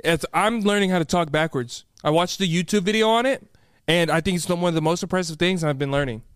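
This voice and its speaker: Laid-back young man with a high voice. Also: quick pace, clean tone, dry recording, studio quality. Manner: laid-back, rambling, self-mocking. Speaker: podcast co-host. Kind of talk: casual chat.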